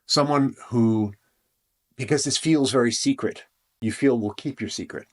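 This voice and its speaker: A man's voice: medium pitch, a little slow. A man hosting a relationship advice podcast, talking in an earnest, conversational way with frequent restarts and asides. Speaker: podcast host.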